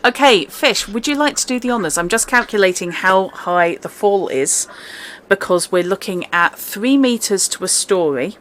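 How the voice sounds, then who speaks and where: A woman from Britain acting as game master, briskly working through the rules. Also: mid-range voice, lively intonation, fairly bright tone. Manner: brisk, rules-focused, laughs easily. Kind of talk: running a tabletop game.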